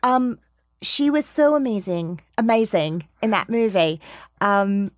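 A woman with a New Jersey accent hosting a podcast interview, playful and jokey, with quick asides. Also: medium pitch, expressive, no echo, studio quality. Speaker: podcast host. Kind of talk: casual interview.

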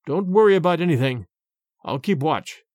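A man's voice: on the high side, animated, moderate pace, a little mellow, dry recording, close to an everyday voice. Guy doing a firm gloomy son, no arguing with him, dry close sound. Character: stern grown son, firm and brooking no argument.

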